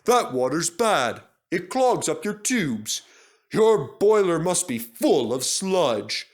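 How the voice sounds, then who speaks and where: A man's voice: fairly high pitch, big pitch swings, slow pace, voice pushed up, heavily acted. A man voicing a fussy male steam engine in a storybook reading, speaking in an insistent, fretful way.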